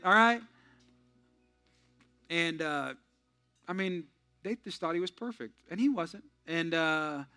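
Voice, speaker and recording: A male pastor preaching a sermon, telling stories with lively shifts between loud punchlines and hushed, earnest asides. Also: fairly high pitch.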